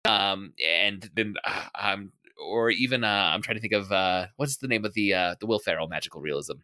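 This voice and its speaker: A man's voice: on the low side, normal speed, sharp tone, no room sound. A man hosting a podcast in casual chat, rambling with fillers and restarts. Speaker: podcast host.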